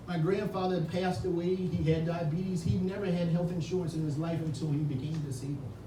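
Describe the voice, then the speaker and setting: A man giving an earnest, impassioned campaign speech at a reception, mixing personal stories with appeals to his supporters. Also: sits high. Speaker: political candidate. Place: indoor reception room. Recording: echoey room from a distance, noisy.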